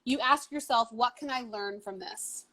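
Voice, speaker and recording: A woman's voice: on the high side, normal speed, a crowd in the background. A woman hosting a live video interview, friendly and enthusiastic as she recaps and asks questions. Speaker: host.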